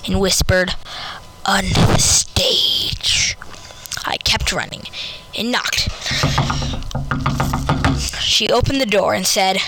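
A woman reading a first-person story aloud with lively storybook delivery, putting on voices for each character. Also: mid-range voice, heavy background noise.

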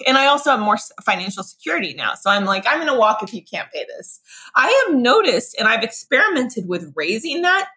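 A woman's voice: mid-range voice, fairly bright tone, rough recording. A woman talking casually on a podcast, chatty, with many filler words and restarts. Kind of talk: casual conversation.

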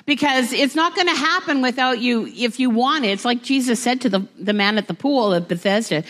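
A woman's voice: on the high side, fairly quick, hardly any pauses, a bit bright. A woman pastor preaching to a congregation, talking plainly and rising to emphatic exhortation. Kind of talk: sermon. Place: church hall before a congregation.

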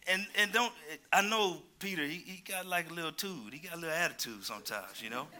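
A male preacher giving a lively sermon, joking and asking the congregation questions as he talks. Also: fairly high pitch, fast.

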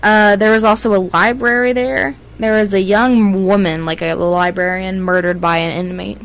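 A woman's voice: mid-range voice, fairly even intonation, moderate pace, poor audio. A young woman with a Southern US accent co-hosting a podcast, chatting casually about ghost stories and giggling between rambling, filler-heavy sentences. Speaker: podcast co-host.

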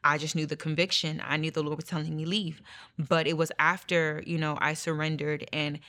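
A woman's voice: low voice, fairly quick. A woman giving a personal faith testimony in an interview, telling her story earnestly and acting out what she said and thought. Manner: earnest, animated storytelling with acted quotes. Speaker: guest sharing testimony.

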